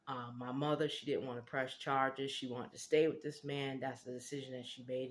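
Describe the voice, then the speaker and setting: A woman's voice: very deep voice, little pitch movement, slight background noise. Earnest woman sharing a personal story. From Connecticut, United States. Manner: earnest and reflective, many filler pauses. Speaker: channel host.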